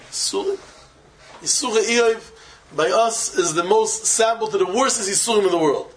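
A man teaching a Talmud passage and telling a story in an animated way, slipping Hebrew and terms into his English. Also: high voice, moderate pace. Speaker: Torah teacher. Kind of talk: Talmudic discourse with a told story.

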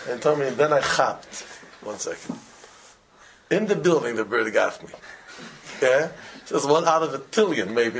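Man giving an animated, storytelling religious talk. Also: mid-range voice, slight background noise. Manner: animated storytelling in simple, broken English, sprinkled with Hebrew and Yiddish terms. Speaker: religious teacher. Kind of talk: informal Torah talk with stories.

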